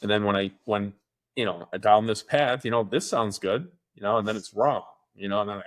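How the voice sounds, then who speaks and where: A man's voice: on the low side, brisk. A middle-aged man co-hosting a casual podcast, telling rambling stories and acting out the voices of people he quotes. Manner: rambling storyteller who acts out quoted voices. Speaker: podcast co-host. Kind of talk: casual chat.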